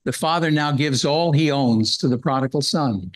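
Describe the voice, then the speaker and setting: A man's voice: mid-range voice, moderate pace, rough recording. A man giving a Bible-hour sermon, earnestly reading scripture and explaining it verse by verse. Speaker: guest speaker at a Bible hour.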